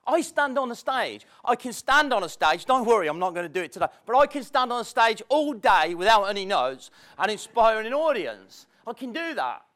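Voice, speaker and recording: High, lively man giving a seminar talk. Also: moderate pace, hardly any pauses. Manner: chatty, self-mocking, spontaneous storyteller. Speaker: motivational speaker. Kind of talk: live seminar talk to an audience. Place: seminar room with audience. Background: audience laughter.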